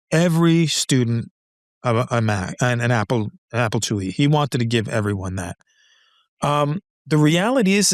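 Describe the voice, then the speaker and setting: The speaker is an older man, a retired engineer and podcast guest, whose mid-range voice comes through in studio quality without echo. He tells conversational stories with animation, performing other people's lines and laughing a lot.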